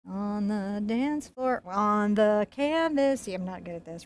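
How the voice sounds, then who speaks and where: A woman's voice: mid-range voice, normal speed, hardly any pauses, smooth. A woman giving a painting lesson, chatting playfully and joking as she works. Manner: chatty, playful, jokes and laughs while painting. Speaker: painting instructor.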